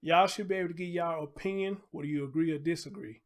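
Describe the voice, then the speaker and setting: A man's voice: a little high, fairly even intonation, fast. Blunt, slangy man hosting a livestream. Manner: blunt, laid-back, slangy, reads chat names aloud. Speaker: YouTube livestream host. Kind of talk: casual livestream chat.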